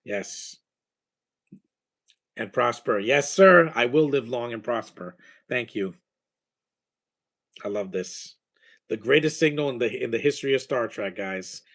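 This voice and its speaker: Watching a movie, this man rambles with enthusiasm about films and their soundtracks in a casual chat full of reactions. His mid-range voice is animated and a bit bright, moving at a measured pace with long pauses.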